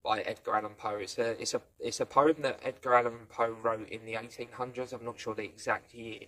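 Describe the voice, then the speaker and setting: A man's voice: medium pitch, flat delivery, brisk, over music. A man giving a casual spoken review, rambling through the plot and playfully acting out quoted lines. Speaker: film and TV reviewer.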